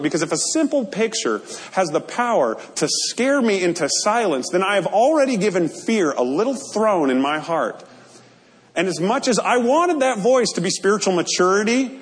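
High-voiced man preaching in a reverberant hall. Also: very animated, normal speed. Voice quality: earnest, conversational, checking in with "right?". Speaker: pastor. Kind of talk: sermon.

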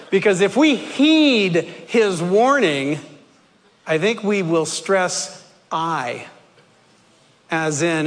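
A male pastor preaching a sermon, slow and dramatic, dropping to hushed low lines and adding jokey asides with a chuckle. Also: expressive, long reverb tail. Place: church.

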